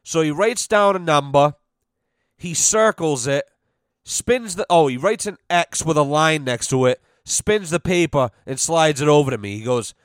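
A man's voice: fairly high pitch, lively intonation, moderate pace, clear, resonant tone, no echo, studio quality. A young man hosting a podcast, telling a casual story in a profane, exasperated way and acting out what others said. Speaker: podcast host.

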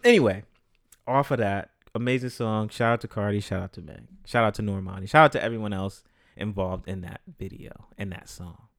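A man's voice: lowish voice, a little fast, dry recording, clean studio sound. A man hosting his own podcast, talking alone in a loose, conversational way with many "um"s and frequent swearing. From Bronx, New York. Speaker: podcast host. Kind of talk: casual solo podcast monologue.

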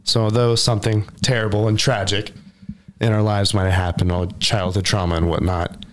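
A man's voice: fairly low pitch, moderate pace, slight background noise. A man co-hosting a casual podcast chat, telling a parable and acting out the townsfolk's voices. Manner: animated storyteller, acts out townsfolk voices. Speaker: podcast co-host.

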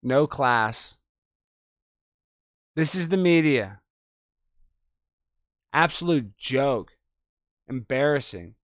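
A man hosting an online show, commenting sarcastically on news clips in a loose, animated way. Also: medium pitch, very slow, pauses often, no room sound, clean studio sound. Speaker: host.

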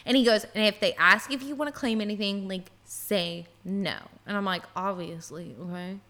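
A woman in her thirties tells a story as a podcast co-host, talking loosely and swearing freely, with "like" scattered through every sentence. Her voice sounds bright and forward. Her pitch sits in the middle for a woman. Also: normal speed. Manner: animated, swears freely, heavy use of "like". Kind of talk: casual storytelling chat.

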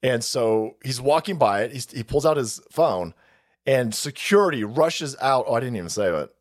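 A man's voice: medium pitch, expressive, normal speed. A man hosting a livestream, ranting in a foul-mouthed, sarcastic, mocking way and breaking into laughter between phrases. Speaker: livestream host. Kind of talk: profane political rant stream.

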